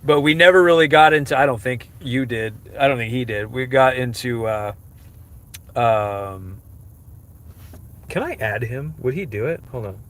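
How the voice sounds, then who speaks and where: A man's voice: medium pitch, moderate pace, fairly bright tone, slight background noise. A man chatting on a casual live stream, rambling and self-mocking, with lots of fillers and restarts. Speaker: livestreamer answering chat questions.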